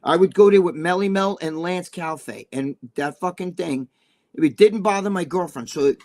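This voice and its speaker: A man's voice: sits high, moderate pace, darkish tone. Rambling, foul-mouthed older Jersey man. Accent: New Jersey. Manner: crude, rambling storyteller, swears a lot. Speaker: podcast co-host. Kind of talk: casual chat.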